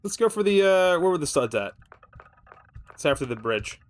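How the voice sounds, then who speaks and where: A man's voice: fairly high pitch, big pitch swings, moderate pace. A man streaming a game, thinking aloud with casual commentary that rambles, swears freely and slips in wry, self-mocking asides.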